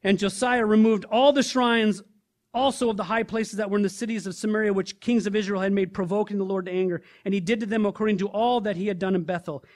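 A man preaching a sermon, reading scripture aloud and then pressing the listeners with rhetorical questions, rising loud and dropping soft. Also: high-pitched. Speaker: pastor.

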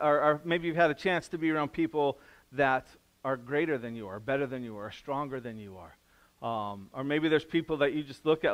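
A middle-aged man preaching a sermon as pastor, in a casual, conversational way. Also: mid-range voice. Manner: casual, conversational preaching with restarts and acted-out quotes; drops to a soft, quiet voice in prayer.

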